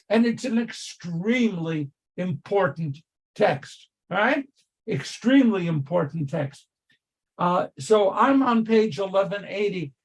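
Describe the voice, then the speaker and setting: An older man, a rabbi, leading a text study class over a video call, emphatic and repeating key phrases as he calls on students. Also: sits high. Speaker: rabbi teaching Torah study.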